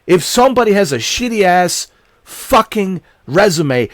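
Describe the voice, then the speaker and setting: A man ranting angrily about video games, swearing constantly and breaking into shouts. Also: sits high, very animated, moderate pace, no room sound, clean studio sound. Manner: profane, shouting in bursts. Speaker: gaming channel host. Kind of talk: angry rant commentary.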